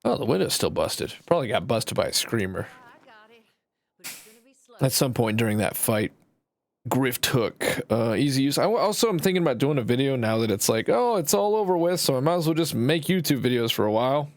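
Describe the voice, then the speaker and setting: A man's voice: medium pitch, animated, a little fast. A man with a Canadian accent and a nasal-sounding voice, rambling and swearing casually through gameplay commentary as a streamer. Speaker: game streamer.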